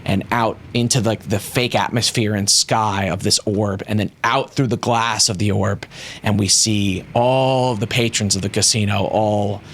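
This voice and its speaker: Acting as game master for a tabletop game, a man narrates in an animated, casual storytelling style with frequent fillers. His voice is on the low side at a moderate pace, and there's a little hiss or hum in the recording.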